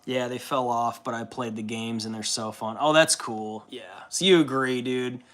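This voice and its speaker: A man's voice: mid-range voice, fairly even intonation, normal speed, fairly bright tone. A man streaming casually while painting, rambling in a laid-back way and swearing freely.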